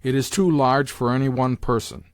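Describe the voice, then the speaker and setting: A man reading an audiobook, voicing an imperious, domineering old grandmother with a loud, sharp, commanding voice pitched above his own. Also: steady tone, moderate pace, smooth, no room sound, clean studio sound, close to an everyday voice.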